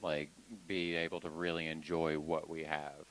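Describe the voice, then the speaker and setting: Deep-voiced guy chiming in on a festival talk, laid-back and dry. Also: level tone, moderate pace, fairly bright tone. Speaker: festival speaker, homesteader. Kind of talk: casual talk to an audience.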